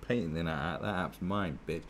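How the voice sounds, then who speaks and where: This man speaks low at a normal speed, with a little hiss or hum in the recording. Working as an online commentator, he tears into a newspaper column with sarcastic, heated ranting full of profanity.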